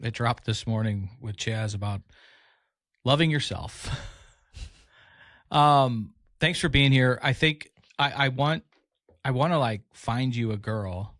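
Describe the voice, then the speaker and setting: Male podcast host, mid pitch, dry close sound, teasing banter. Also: slow pace, a bit bright, no room sound. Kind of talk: casual chat.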